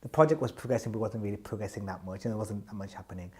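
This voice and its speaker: A man telling a humorous personal story to an audience, animated and candid, acting out the lines of the people in it. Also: lowish voice, very fast, breathy edge. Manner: animated, acts out other people's quoted lines; self-reflective, candid.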